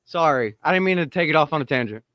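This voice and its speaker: A man's voice: a little high, expressive, fast, fairly bright tone, dry recording, clean studio sound. A man from Florida hosting a livestream panel, talking religion in a rambling, self-deprecating way and swearing. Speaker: host. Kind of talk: casual religious debate on a livestream.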